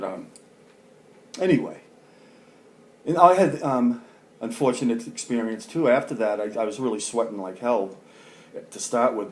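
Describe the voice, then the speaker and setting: A man's voice: fairly low pitch, darkish tone, slight background noise. Profane rambling middle-aged man ranting. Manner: profane, rambling, heavy on fillers. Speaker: vlogger. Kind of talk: ranting vlog monologue.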